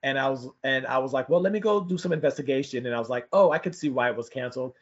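A man co-hosting a podcast in casual chat, relaxed and hesitant with fillers. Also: mid-range voice, fast. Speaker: podcast co-host. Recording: dull lo-fi audio.

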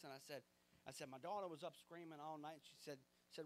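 Male pastor, fairly high voice, lively storytelling sermon. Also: fast. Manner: animated, conversational storytelling.

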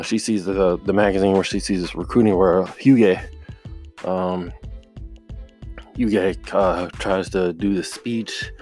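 A man's voice: low-pitched, a little mellow. A man hosting a podcast, casually retelling a drama in a rambling way and acting out lines from it. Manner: rambling retelling, acts out quotes. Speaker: podcast host.

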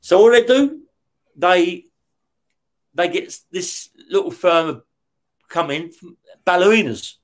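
Speaking in a high-pitched, animated way at a measured pace, with frequent pauses, a middle-aged man tells stories during an interview. He's a former career criminal who swears constantly, laughs throughout, and keeps asking "yeah?".

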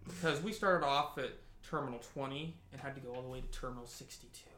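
A man's voice: mid-range voice, fast, bright, forceful tone. A young man from California's Central Valley telling travel stories in casual chat, rambling with many restarts and laughs. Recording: echoey room, faint noise.

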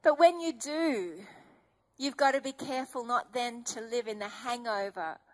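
A woman's voice: on the high side, normal speed. A middle-aged woman preaching an emotional, earnest testimony sermon. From Australia.

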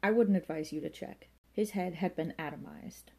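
A woman's voice: lowish voice, normal speed, vocal fry, warm tone. A woman reading an audiobook voices Mister Giggles, a male figure who talks in a dry, knowing, warning way. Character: dry, knowing male storyteller of dark lore.

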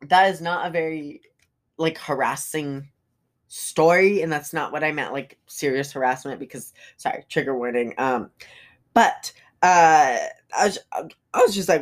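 Young woman, low-pitched, casual solo podcast host, rambly and full of fillers. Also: unhurried. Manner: chatty and rambling, with frequent fillers and asides.

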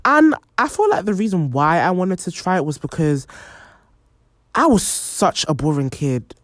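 Young woman spilling a story on her podcast, low voice but super animated, fillers everywhere. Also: moderate pace, no room sound, studio quality. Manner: animated, many fillers, acts out quoted voices. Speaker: podcast host. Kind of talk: personal storytelling.

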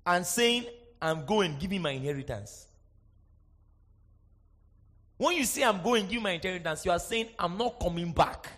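A man preaching a sermon, swinging from shouted emphasis to quiet asides and often asking the congregation if they are with him. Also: sits high, animated, fairly quick. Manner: asks the congregation for response, sing-song emphasis.

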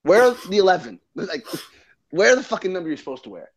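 Podcast co-host, male, lively swearing rant, slightly high voice. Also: brisk, breathy edge. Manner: profane, animated ranting. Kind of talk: casual chat.

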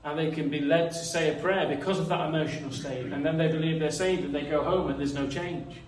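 A man's voice: a little high, fairly even intonation, a little fast. A man preaching a sermon in an earnest, reasoning way, often repeating words as he thinks. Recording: echoey room, mic some distance away.

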